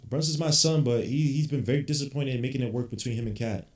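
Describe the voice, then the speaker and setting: A man with a steady, medium-pitched voice and a quick pace hosts a basketball podcast. Reacting live, he rants bluntly like a frustrated fan and swears casually, and the recording has a roomy echo.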